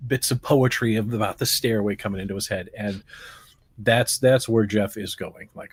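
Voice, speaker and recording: A man's voice: on the low side, fairly even intonation, normal speed, slightly rough, no room sound. A man playing a tabletop horror game, describing his character's retreat in a rambling, playful way. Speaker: player.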